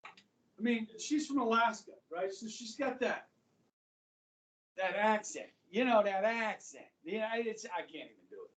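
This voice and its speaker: A man with a Kansas accent teaching a history class in a casual, chatty way, often checking in with "okay?". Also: extremely high pitch. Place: school classroom. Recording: echoey classroom from far off.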